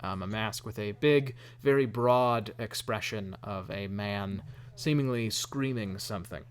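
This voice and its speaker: A man narrating as game master, relaxed and self-deprecating, with lots of ums. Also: fairly low pitch, unhurried.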